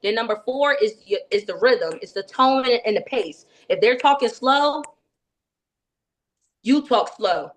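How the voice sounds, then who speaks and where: Brisk, high-voiced woman sales coach. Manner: lively coaching, keeps checking in with "right?". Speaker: sales trainer. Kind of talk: training session.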